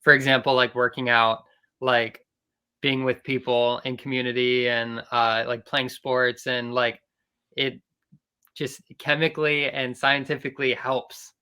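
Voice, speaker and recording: A man's voice: medium pitch, unhurried, clear, resonant tone. A man in a band, a guest on a podcast, talking earnestly and steadily about habits and staying open. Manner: earnest, advice-giving, steady. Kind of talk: casual interview chat.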